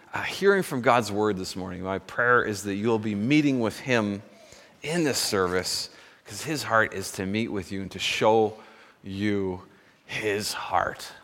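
A man's voice: medium pitch, fairly bright tone, long reverb tail. A man preaching a sermon as pastor, telling stories in a conversational way at a church service. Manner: storytelling, conversational with self-corrections.

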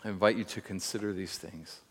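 A man preaching a sermon as pastor, reflective and measured, telling a story with pauses. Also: low-pitched, steady tone, big-room sound.

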